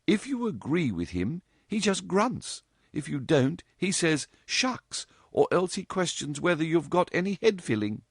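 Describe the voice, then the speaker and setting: A cheeky, outspoken young woman in a read-aloud storybook chatters with mock drama, as a male narrator puts her on. Her voice sits high and swings freely. The sound is dry. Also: very animated, measured pace, husky, dry recording, exaggerated voice. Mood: teasing.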